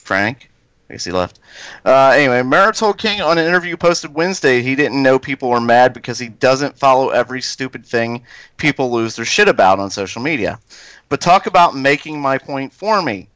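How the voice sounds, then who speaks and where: Podcast co-host, man, smooth clear voice, dry close sound, sarcastic and blunt. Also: medium pitch, animated, normal speed, fairly bright tone, no echo. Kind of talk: casual podcast chat, reading a quote aloud.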